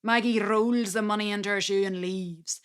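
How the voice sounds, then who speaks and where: A woman performing a dramatic spoken-word story with slow, theatrical delivery. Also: medium pitch, steady tone, clean tone.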